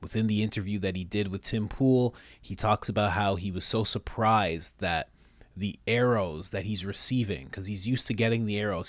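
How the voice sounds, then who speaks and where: A man's voice: on the low side, moderate pace, dry recording. A man hosting a commentary video, talking earnestly and plugging his own merch store. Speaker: commentary channel host.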